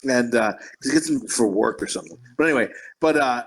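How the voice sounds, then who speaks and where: A man's voice: mid-range voice, animated, fast talker, slightly rough, rough recording. A man co-hosting a podcast, chatting casually about his kids, rambling and swearing, laughing often. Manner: rambling, profane, laughs a lot, acts out voices in anecdotes. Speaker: podcast co-host. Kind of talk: casual chat.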